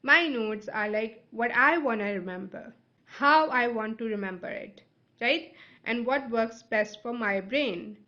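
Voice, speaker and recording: In this video lesson, a woman teacher who isn't a native English speaker explains things patiently one step at a time, constantly asking "right?" or "okay?" to check in. She speaks unhurriedly in a fairly high, sharp-toned voice, with somewhat muffled sound.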